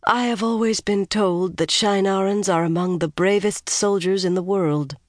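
A gracious young noblewoman, voiced by an audiobook reader speaks smoothly and flatteringly, sweet as honey and a little higher than the reader. The reading is close and dry. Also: moderate pace, dry recording, lightly acted.

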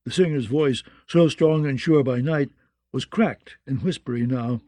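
A man narrating a fantasy audiobook in a measured, descriptive way, close to the mic. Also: medium pitch, dark tone, dry recording.

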